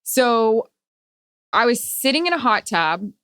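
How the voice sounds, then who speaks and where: A woman in her forties co-hosting a podcast, telling stories in casual chat with a slightly nasal, animated delivery. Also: on the high side, slow, smooth, dry recording. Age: 40s. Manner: animated storyteller. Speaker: podcast co-host.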